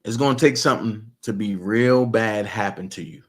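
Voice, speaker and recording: A man's voice: on the low side, moderate pace. A man hosting a livestream who reads court documents aloud and breaks off into profane, mocking commentary.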